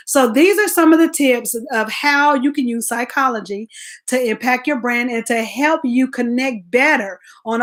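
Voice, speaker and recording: A woman hosting a casual live-stream talk as a branding coach, energetic and chatty, laughing often and restarting her sentences as she goes. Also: fairly high pitch.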